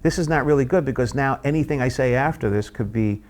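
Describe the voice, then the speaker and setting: A middle-aged man, a guest comedian, telling an animated anecdote and acting out the people in it. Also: medium pitch, fast. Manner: animated anecdote-telling, acts out quoted voices. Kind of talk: storytelling chat.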